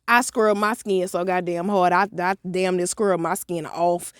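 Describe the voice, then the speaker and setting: A woman's voice: on the low side, a little slow, clean tone, no room sound, studio quality. Blunt, cursing woman vlogger. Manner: animated, profane, blunt storytelling. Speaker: motivational vlogger. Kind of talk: storytime vlog.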